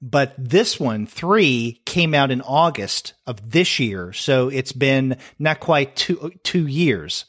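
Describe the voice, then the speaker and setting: A man co-hosting a casual comics review podcast, answering in a relaxed, attentive way. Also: mid-range voice, slow pace, few pauses. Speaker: podcast co-host.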